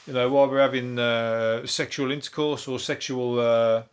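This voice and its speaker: A comedian from Birmingham with a Brummie accent hosting a solo comedy podcast, rambling through the news in a deadpan, sweary way, his voice getting hoarse. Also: medium pitch, normal speed. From Birmingham, England. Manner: deadpan, rambling, sweary, laughs at own jokes. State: voice going hoarse.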